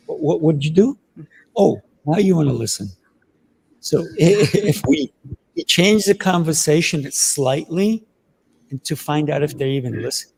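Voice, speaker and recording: A man with a gravelly, husky voice tells anecdotes on a panel. His delivery is playful and story-driven. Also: mid-range voice, lively intonation, normal speed, a little mellow, rough recording. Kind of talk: panel discussion.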